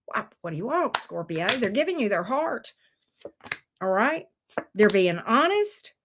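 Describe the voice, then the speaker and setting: A woman's voice: sits high, very animated, normal speed, noisy background. A middle-aged woman giving a casual tarot reading, teasing and talking straight to the viewer in a sassy way. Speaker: tarot reader.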